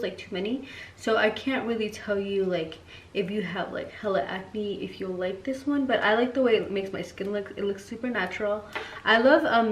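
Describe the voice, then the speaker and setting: A woman's voice: medium pitch, slight background noise. A woman in her twenties chatting casually in a storytime and makeup vlog, slangy and full of "like" and "um", slipping into Spanish phrases. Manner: chatty, slangy, many fillers like "like" and "um"; mixes Spanish phrases into English. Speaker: beauty vlogger. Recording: echoey room, loud household clatter.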